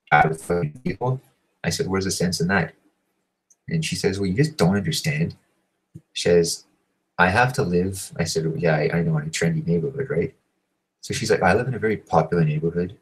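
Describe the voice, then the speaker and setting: A man in his thirties hosting a show, telling a long, profane story in a casual, animated way. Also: sits low, moderate pace, pauses often, poor audio. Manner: profane, animated, swears constantly. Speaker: host. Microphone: home recording setup.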